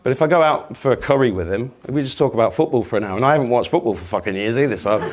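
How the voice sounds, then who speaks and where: A man's voice: mid-range voice, expressive, racing. An English man in his fifties, telling rambling, jokey stories to an audience and swearing freely. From England. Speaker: speaker. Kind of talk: casual storytelling talk.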